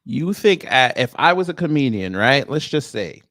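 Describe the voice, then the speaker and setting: A man's voice: medium pitch, sing-song, moderate pace, a bit bright, no echo, clean studio sound. Stammering man hosting reaction commentary. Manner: stammering restarts, conversational and addressing viewers as family. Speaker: commentary show host.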